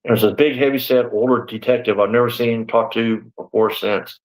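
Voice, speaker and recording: A man's voice: mid-range voice, steady tone, brisk, poor audio. Man in his 60s telling his story. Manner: rambling storyteller who acts out quoted exchanges; casual, peppered with "man" and "you know". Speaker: interview guest, former sheriff's deputy.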